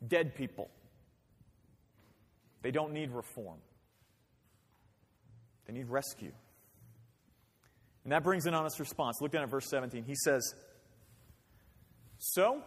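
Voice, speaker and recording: A man pastor preaching a sermon in a conversational way, with rhetorical questions and acted-out quotes. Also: a little high. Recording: long hall reverb.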